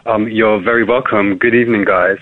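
A man's voice: lowish voice, steady tone, no room sound. Cheeky male caller on a dull phone line. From West Country, England. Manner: cheeky, teasing, fast storytelling. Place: lives in London.

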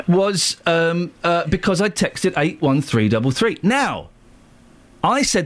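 A man's voice: on the high side, expressive, slow. A man hosting a radio show from a studio, telling an angry story and acting out both sides of each argument. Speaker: radio host. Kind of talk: ranting anecdote on live radio.

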